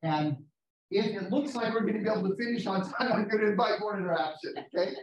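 A man leading an interactive Bible study, reading scripture slowly and putting questions to his class. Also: high voice. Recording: roomy, distant mic, faint noise.

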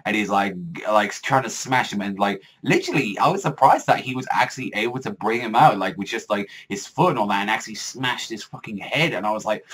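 A man's voice: lowish voice, a little fast, breathy edge. A man giving a casual, rambling manga review, full of filler words and swearing, his voice jumping up when he gets worked up. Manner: excitable, voice jumps up when worked up.

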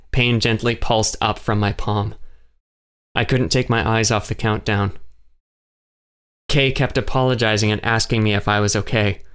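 A man narrating an audiobook in the first person, in a measured, even way. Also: lowish voice, clean tone.

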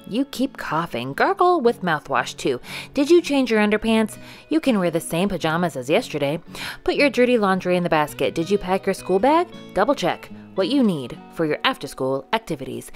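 A woman voicing a strict father who fires off brisk, nagging orders to his child. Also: on the low side, very animated, soft background music. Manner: brisk rapid-fire commands.

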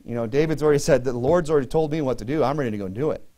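A man's voice: mid-range voice, racing, mellow. Conversational man preaching a sermon. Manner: conversational preaching with frequent "you know" fillers. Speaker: pastor.

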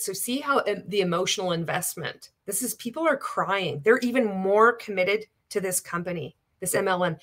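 A woman's voice: medium pitch, lively intonation, normal speed, hardly any pauses, a bit bright. Exasperated woman doing reaction commentary. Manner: exasperated, sardonic, reads comments aloud. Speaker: anti-MLM commentator.

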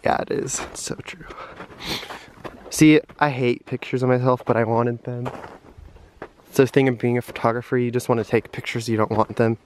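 A man's voice: mid-range voice, little pitch movement, normal speed, pauses often, slight background noise. A man talking casually to a handheld camera outdoors in a snowy park, shivering from the cold. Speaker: vlogger. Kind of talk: casual travel vlog.

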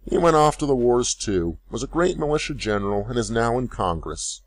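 A man's voice: medium pitch, sing-song, moderate pace, no room sound, lightly acted. Thin, piping old village man in a storybook, plain-spoken, voiced by a male reader. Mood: matter-of-fact.

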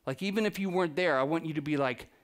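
A man giving a live, animated storytelling talk to an audience as a photographer, acting out the people he quotes by dropping his voice. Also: a little high, racing. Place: presentation room with a live audience.

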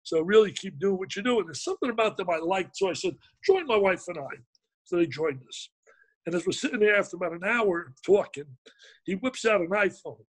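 An older man telling an emphatic, excitable story as an interview guest, repeating words for effect. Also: sits high, fairly quick, low-quality recording.

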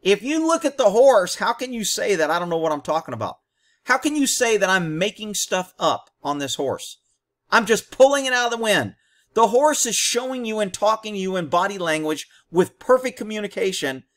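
A man's voice: high voice, animated, moderate pace, fairly bright tone. A man hosting a commentary on a training video, talking bluntly and combatively in short, punchy explanations.

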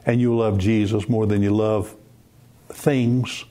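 A man preaching a broadcast sermon, earnest, repeating words and slowing down to stress his points. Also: fairly low pitch, flat delivery, warm tone. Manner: earnest, repeats words, slow emphatic phrasing.

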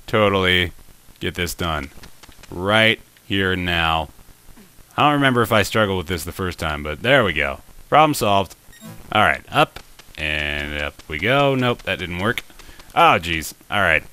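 A young man giving let's play commentary, excitable and talking to the game, with frustrated exclamations and laughs. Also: low voice, a little slow, clear, resonant tone. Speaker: gameplay commentator.

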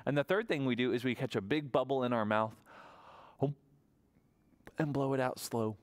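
A man reading a picture book aloud at a library toddler storytime, in an animated sing-song way and often asking the children questions. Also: medium pitch, moderate pace. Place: public library storytime room.

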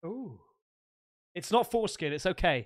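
Excitable man with a lively voice. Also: high voice, normal speed. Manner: excitable, swears freely, laughs often. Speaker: streamer host. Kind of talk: casual chat while unboxing fan mail.

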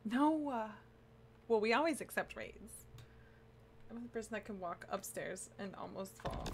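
A woman's voice: medium pitch, lively intonation, measured pace, pauses often, slight background noise. A woman streaming a video game, chatting playfully with viewers, greeting them by name and humming along with a giggle. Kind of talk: casual live-stream chat.

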